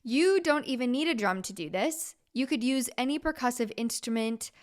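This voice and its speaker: A woman's voice: fairly high pitch, animated, normal speed. A woman, a music therapist and podcast host, explaining steps plainly with a few fillers and singing simple call-and-response demos. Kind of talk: teaching podcast with sung demonstrations.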